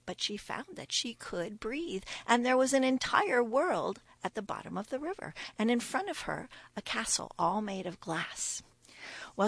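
Woman storyteller spinning an old folktale, a bit of vocal fry, dry close sound, drops to whispers sometimes. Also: mid-range voice, no echo. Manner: expressive storyteller with whispered asides. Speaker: storyteller guest. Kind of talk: oral folktale telling.

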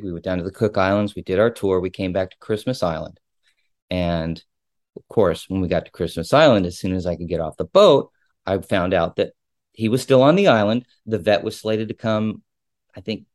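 A ship captain telling a personal story in a casual, digressive and openly emotional way. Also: male voice, low voice, darkish tone, no room sound, studio quality.

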